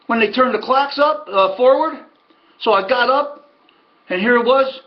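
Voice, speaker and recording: A man's voice: very high-pitched, moderate pace. Middle-aged american guy rambling on, folksy storyteller vibe, muffled lo-fi audio. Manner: chatty storyteller, folksy asides. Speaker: horse racing handicapper and host. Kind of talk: rambling casual monologue.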